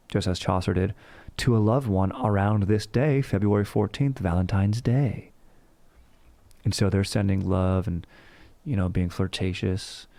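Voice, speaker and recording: A man's voice: low voice, creaky, a little mellow, no room sound. A man hosting a casual comedic history show, rambling and slangy, cursing freely. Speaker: history podcast host.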